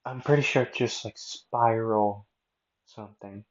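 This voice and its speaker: A man with a fairly low voice narrates a fan-made anime story in a casual, rambling way. He keeps breaking off for self-mocking asides. The recording sounds dull and lo-fi. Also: fairly even intonation, unhurried.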